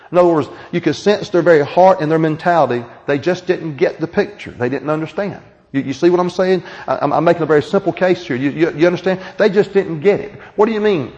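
Male pastor, sermon delivery, emphatic repetition, slightly high voice, dull lo-fi church recording. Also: quick pace, darkish tone, big-room sound. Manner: preaching with emphatic repetition and quoted dialogue.

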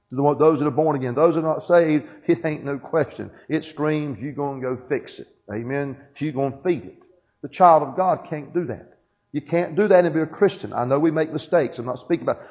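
A man's voice: a little high, darkish tone. A male pastor giving a sermon to his congregation, often asking "Amen?" and reading aloud from a book. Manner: preaching with frequent "Amen?" check-ins. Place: church. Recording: dull lo-fi sermon recording.

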